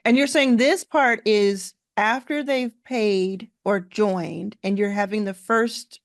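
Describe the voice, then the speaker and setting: A woman host with a gravelly edge to her voice talks business in a casual way. She is quick and affirming. The sound is dry and close. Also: medium pitch, no room sound. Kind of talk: casual conversation.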